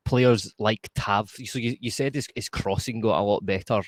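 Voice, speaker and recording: A man's voice: on the low side, normal speed, background noise. A Scottish man co-hosting a podcast, giving blunt, emphatic post-match football opinions and often stumbling over his words. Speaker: podcast co-host.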